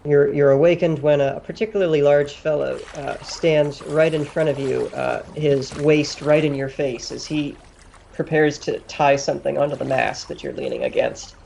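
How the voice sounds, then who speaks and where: A man narrating as game master of a tabletop role-play, describing scenes in a relaxed way with fillers and chuckles. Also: on the high side, normal speed, creaky, a little hiss or hum.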